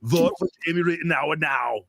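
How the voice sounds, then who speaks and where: A man's voice: on the high side, moderate pace, a bit bright, dry recording, close to an everyday voice. A man doing an impression of a stern, muscle-bound male action hero who issues blunt, threatening orders. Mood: commanding.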